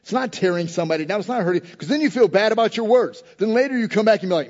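A man preaching a lively, conversational sermon, pressing his points hard and slipping into the voices of the people he quotes. His voice sits high for a man, and the recording has a muffled, lo-fi sound. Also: rapid-fire, big-room sound. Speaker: pastor.

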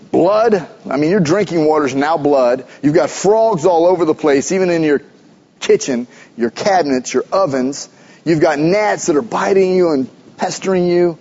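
A pastor giving a sermon in a conversational, playful preaching manner, recorded in a church sanctuary. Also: male voice, on the high side, darkish tone. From United States. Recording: dull lo-fi church recording with long reverb.

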